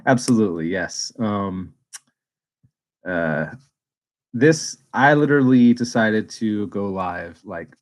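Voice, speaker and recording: A man hosting a casual livestream, chatting candidly and swearing freely, and now and then working himself into animated rants. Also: fairly low pitch, slow, pauses often, low-quality recording. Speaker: space YouTuber and livestream host.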